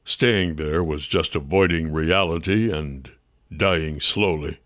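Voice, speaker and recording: A man narrating a first-person audiobook with expressive, tense storytelling. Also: a bass voice, slow pace, no room sound, clean studio sound.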